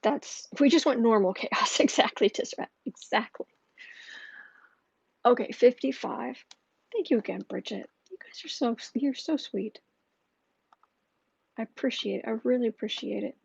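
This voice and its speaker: A woman hosting a tarot livestream in casual chat, thinking aloud slowly with many fillers and restarts. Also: a little high, gravelly, breathy edge, no echo, dull audio.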